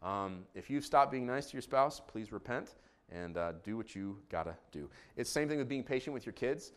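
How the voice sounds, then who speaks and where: A middle-aged man preaching a sermon as a pastor, joking and animated, shouting in acted bits. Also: medium pitch, normal speed.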